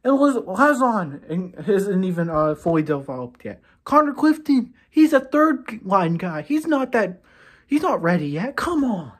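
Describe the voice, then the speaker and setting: A woman hosting a sports fan channel, giving an exasperated, scolding reaction rant that swings between low muttering and raised outbursts. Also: very animated, unhurried, breathy edge.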